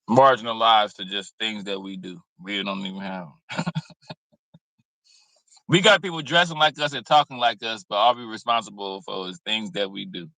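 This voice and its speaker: A man's voice: medium pitch, bright, forceful tone, no echo, low-quality recording. A man giving blunt, preachy, streetwise commentary in a casual reaction video, cursing freely. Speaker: commentary host.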